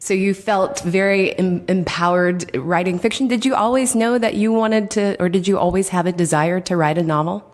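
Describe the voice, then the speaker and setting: A woman interviewing an author, asking long, measured questions. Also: medium pitch, darkish tone. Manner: measured, asks long questions with small stumbles. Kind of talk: radio interview.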